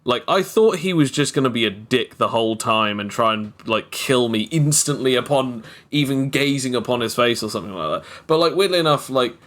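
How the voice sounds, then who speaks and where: A man's voice: mid-range voice, animated, fairly quick, few pauses, fairly bright tone. A man hosting a podcast as game master, chatting casually in long, rambling explanations. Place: live-streamed podcast.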